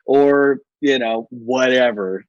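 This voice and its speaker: A man's voice: mid-range voice, takes it slowly, no room sound, lo-fi sound. An American man on a podcast as a guest, telling stories in a rambling, self-correcting way and laughing often. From United States. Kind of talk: casual interview storytelling.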